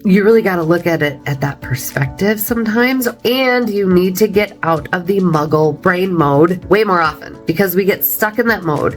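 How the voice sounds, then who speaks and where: A woman with a somewhat low voice talks straight to camera as a trauma coach, loose and candid, with plenty of "like" and frank swearing. She sounds emotional, close to tears. Faint music plays underneath. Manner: casual and candid, heavy filler "like", swears freely. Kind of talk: casual vlog monologue to camera.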